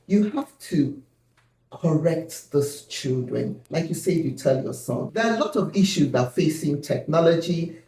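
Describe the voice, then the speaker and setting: Nigerian guy hosting a panel, gravelly voice, kinda high, echoey room. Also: expressive, normal speed, dark tone. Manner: earnest, firm, emphatic. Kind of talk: casual panel chat.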